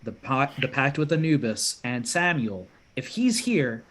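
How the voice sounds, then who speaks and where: A man discusses plans with fellow players during a tabletop roleplaying game. He talks them through aloud in an animated, thoughtful way. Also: medium pitch, a little slow.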